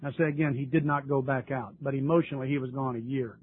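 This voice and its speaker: A man's voice: mid-range voice, fairly even intonation, quick pace. An older man, sharing his recovery story at a meeting in an earnest, emotional way. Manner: earnest, emotional, tearful at times. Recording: tinny lo-fi recording with faint noise.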